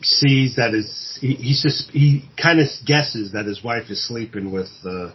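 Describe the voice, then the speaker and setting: A man's voice: medium pitch, fairly even intonation, measured pace, slightly rough, lo-fi sound. A man co-hosting a podcast, casually retelling a film plot with many fillers and restarts, now and then acting out the lines. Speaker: podcast co-host.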